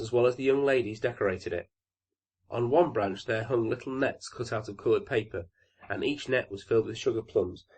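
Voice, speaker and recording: A man narrating a classic fairy tale audiobook in a calm, even storytelling manner. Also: on the low side.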